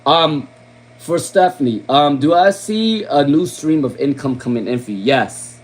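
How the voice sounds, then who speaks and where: A man's voice: a little high, animated, a little slow. A man doing tarot readings on a livestream, talking to viewers casually and rambling with lots of ums. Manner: chatty, rambling, filler-heavy. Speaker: tarot reader.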